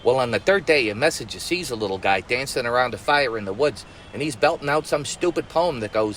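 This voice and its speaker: Wisecracking streetwise uncle telling a fairy tale. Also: male voice, mid-range voice, animated, a bit bright, slight background noise, poor audio. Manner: streetwise slang, rushed and wisecracking. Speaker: storytelling uncle. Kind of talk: comic fairy-tale retelling.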